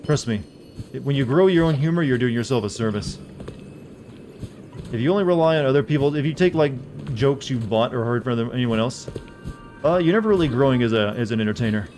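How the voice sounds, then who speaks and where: A man streaming a video game from a home desk microphone, talking quickly in a middling voice. He rambles through replies to his viewers with teasing, offhand humor and now and then reads menu text aloud. Soft game music plays underneath. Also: mid-range voice, expressive. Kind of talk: live game stream commentary.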